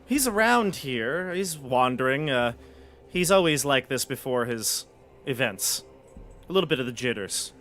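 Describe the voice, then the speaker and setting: A man's voice: mid-range voice, animated, measured pace, fairly bright tone, soft background music. Een man als beleefde oudere butler, midden toonhoogte, wat muziek op de achtergrond. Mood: polite. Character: formal older male butler servant.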